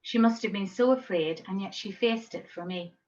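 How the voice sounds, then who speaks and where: A woman voicing a young wounded man recounting his ordeal in a calm, matter-of-fact way. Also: medium pitch, normal speed, dull audio, lightly acted.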